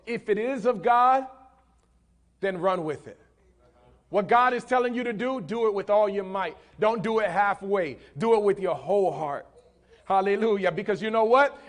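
A male pastor preaching a sermon in church, punctuating his lines with hallelujahs and swinging between loud bursts and quiet lines. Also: sits high. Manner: preaching with frequent hallelujahs, swelling and dropping in volume. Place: church hall.

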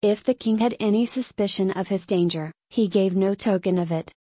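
A woman reads a classic novel aloud in a measured, even storytelling manner. Her voice sits at an ordinary pitch. The recording is close and dry, with no room sound. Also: breathy edge, no echo. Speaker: audiobook narrator. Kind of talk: scripted narration of a classic novel.

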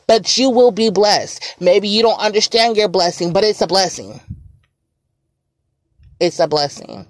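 Young woman in her twenties, gravelly, dry close sound, earnest emotional pep talk to viewers, often soft-spoken. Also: fairly low pitch, dry recording. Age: 20s. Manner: earnest, repetitive encouragement, often soft and quiet. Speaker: vlogger. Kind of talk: motivational monologue to viewers.

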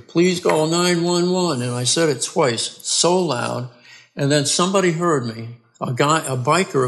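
A man, a podcast guest, earnestly telling his own story in a halting way, restarting and repeating words. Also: on the high side, gravelly, fairly bright tone. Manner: earnest and plain-spoken. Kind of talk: conversational storytelling.

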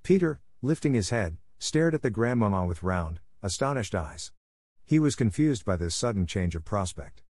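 Low-voiced man reading a storybook. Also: moderate pace, no echo. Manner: steady reading, reads punctuation aloud. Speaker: narrator. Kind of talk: scripted audiobook narration for English learners.

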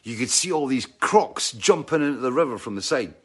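A man's voice: medium pitch, expressive, brisk, hardly any pauses, a bit bright, slightly rough. A man with a Scottish accent telling a rambling anecdote, often checking in with "right?" and mimicking sounds with his mouth.

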